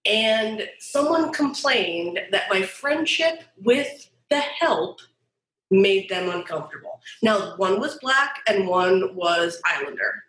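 A woman guest telling her story candidly, animated and profane, acting out quoted voices. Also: medium pitch, slow pace. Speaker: guest designer. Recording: roomy echo.

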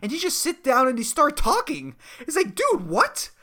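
A man's voice: very high voice, huge pitch swings, normal speed, sharp tone. A man in his twenties hosting a podcast, ranting in a profane, exasperated way with lots of fillers. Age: 20s. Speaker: podcast host. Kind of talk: solo comedic rant.

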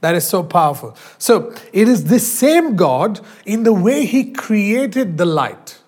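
A man preaching a sermon as pastor, emphatic, slowing down and stretching out key phrases. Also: high-pitched, sing-song, a little mellow. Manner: emphatic, drawn-out preaching with slow stressed phrases.

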